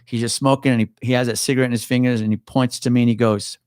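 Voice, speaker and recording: A man in his forties, a retired police officer, telling a profane, animated story as a podcast guest. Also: medium pitch, fast, clean tone, dry recording, studio quality. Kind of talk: casual storytelling chat.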